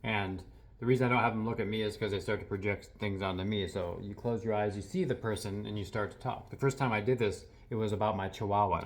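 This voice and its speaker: A man who works as a healing practitioner, speaking earnestly in a soft reflective monologue with frequent pauses and restarts. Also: lowish voice, fairly even intonation. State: a little teary.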